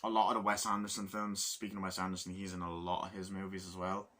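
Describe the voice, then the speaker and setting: A man's voice: sits low, little pitch movement, quick pace, bright, forceful tone. A man reviewing a film casually at home, rambling and enthusiastic and swearing freely. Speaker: movie reviewer. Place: room at home with window open.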